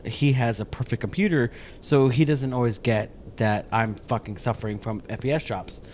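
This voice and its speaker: A man's voice: mid-range voice, normal speed, a little hiss or hum. A man co-hosting a podcast in casual chat, telling a rambling story full of swearing. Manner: animated, rambling, swears a lot. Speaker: podcast co-host.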